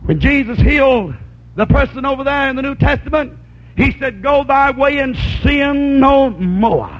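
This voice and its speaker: A man preaching a sermon, slowing down to stress lines, sometimes shouting, and asking listeners for agreement. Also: very high-pitched. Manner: preaching with rising shouts and slow emphatic lines; asks the congregation for agreement. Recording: dull lo-fi sermon recording.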